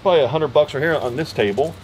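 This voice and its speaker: A man's voice: a little high, slight background noise. A man casually unboxing returned goods for his channel, joking and stretching out words. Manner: playful, jokey, drawn-out words. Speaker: reseller unboxing return pallets.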